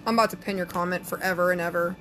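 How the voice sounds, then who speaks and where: Southern woman psychic, brash and chatty, bright edgy tone, faint room hiss. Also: fairly low pitch, fairly even intonation, rapid-fire. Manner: sassy, brash, reads viewer comments aloud. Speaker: psychic answering live chat. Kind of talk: casual live-stream chat.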